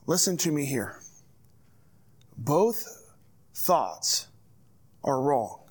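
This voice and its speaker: A man's voice: on the high side, very animated, drawn-out words. A man preaching a sermon as pastor, reading scripture and urging his church in an earnest, direct way.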